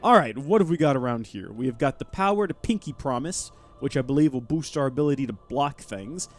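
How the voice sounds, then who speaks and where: A man's voice: mid-range voice, brisk, faint music behind. A young man streaming live gameplay, chatting and thanking viewers as he plays. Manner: chatty and animated, thanking chat mid-game.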